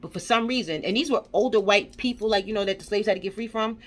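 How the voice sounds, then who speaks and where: A woman vlogger with a medium-pitched voice speaks fast in an angry commentary rant. She swears, fires off rhetorical questions, and repeats herself a lot.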